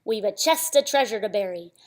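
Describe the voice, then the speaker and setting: A woman voicing a boisterous male pirate captain for a storybook, loud and hearty. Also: mid-range voice, expressive, fairly quick, natural voice.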